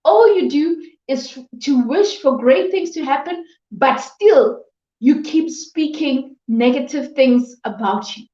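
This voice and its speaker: High-voiced emphatic motivational woman. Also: animated, takes it slowly, warm tone. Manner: emphatic, repeats phrases, scolding exclamations. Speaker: motivational vlogger. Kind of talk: motivational talk to camera. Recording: echoey room, dull lo-fi sound.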